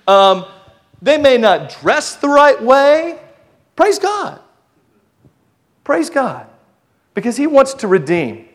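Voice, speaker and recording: A youth pastor giving a lively sermon, calling out to his congregation and sometimes shouting. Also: very high voice, slow, long pauses. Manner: lively preaching with call-and-response, sometimes shouting.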